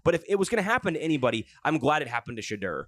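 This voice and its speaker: A man hosting a casual sports podcast, telling stories in an animated, jokey way with plenty of swearing. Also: a little high, racing, dry recording, clean studio sound. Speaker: podcast host.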